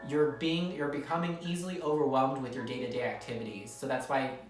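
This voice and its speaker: A woman's voice: very deep voice, fairly even intonation, fairly quick, faint music behind. A woman giving a casual tarot reading to viewers, chatty and repetitive, often checking in with "okay?". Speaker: tarot reader. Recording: echoey room, mic at a distance.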